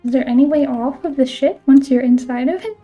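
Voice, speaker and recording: A woman's voice: sits high, brisk, warm tone, faint music behind. Girl streaming a game, chatty, says like a lot, kinda muffled audio. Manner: chatty, fills talk with "like", swears casually. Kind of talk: casual chat while playing a game.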